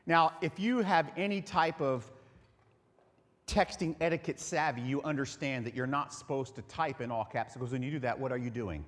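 A man's voice: mid-range voice, normal speed, a bit bright, long reverb tail. A man preaching a sermon as pastor, joking and conversational with his congregation.

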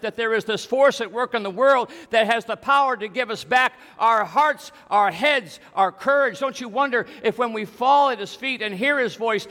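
High, bright-voiced preacher man in a reverberant church. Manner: storytelling preacher, rhetorical questions. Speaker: pastor. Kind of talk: sermon. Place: church sanctuary. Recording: long reverb of a church hall.

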